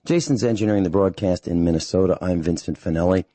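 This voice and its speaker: Deep dark-toned guy hosting a radio show, dry studio mic, steady and careful. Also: no room sound. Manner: steady, repeats details slowly and carefully.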